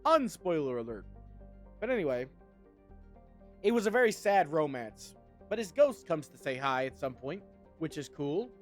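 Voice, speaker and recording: A man's voice: on the high side, sing-song, moderate pace, pauses often, soft background music. A man streaming a video game, chatting casually and wryly to viewers, swearing freely as he plays. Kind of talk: casual gameplay commentary.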